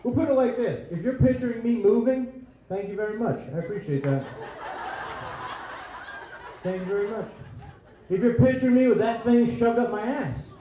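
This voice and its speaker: High, mellow-voiced crude stand-up man. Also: lively intonation, normal speed, long pauses, lo-fi sound, a little hiss or hum. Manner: crude, self-deprecating, riffing with the crowd. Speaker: stand-up comedian. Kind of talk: stand-up comedy set. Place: comedy club stage. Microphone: handheld stage mic. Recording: echoey club with audience. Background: audience laughter.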